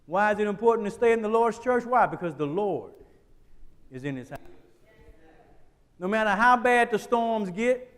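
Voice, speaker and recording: A man's voice: high-pitched, animated, moderate pace, long pauses, fairly bright tone, big-room sound. A man teaching a Bible class in a church, talking conversationally, often checking in with the class and repeating words as he thinks.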